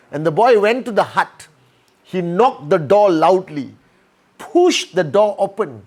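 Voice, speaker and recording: A male motivational trainer with a high voice tells a parable to his audience. He repeats words and checks in with the listeners as he goes. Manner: repetitive, checks in with "all right?" and "okay". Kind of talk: motivational storytelling lesson.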